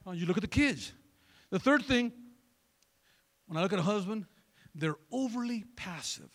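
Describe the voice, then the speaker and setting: A man preaching a sermon in an animated way, throwing joking asides to the congregation. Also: high voice, normal speed, gravelly, pauses often. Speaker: pastor.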